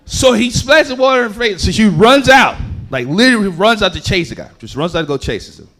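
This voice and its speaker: A man telling a story on a comedy club stage, swinging between loud bursts and low asides. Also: lively intonation, brisk. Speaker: stand-up comedian. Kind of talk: stand-up storytelling.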